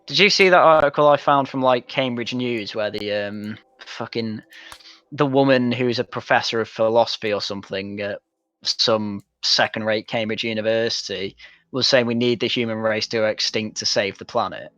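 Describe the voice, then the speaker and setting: A man's voice: fairly low pitch, normal speed, fairly bright tone, no room sound, muffled recording. Sweary young man streaming. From Manchester, England. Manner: blunt, sweary, mocking banter. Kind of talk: casual chat while gaming.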